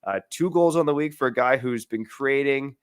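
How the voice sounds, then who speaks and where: A young Canadian man co-hosting a sports podcast, going through his picks in a steady, list-like way with frequent "uh"s. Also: medium pitch, moderate pace, smooth, dry recording, studio quality. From Surrey, Canada. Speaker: podcast co-host. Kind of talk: sports podcast rundown and ad read.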